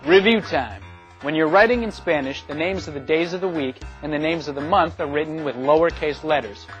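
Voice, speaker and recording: Male narrator, higher voice, measured scripted lesson read, lo-fi track with soft music bed. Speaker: narrator of an educational video. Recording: dull lo-fi sound with faint music.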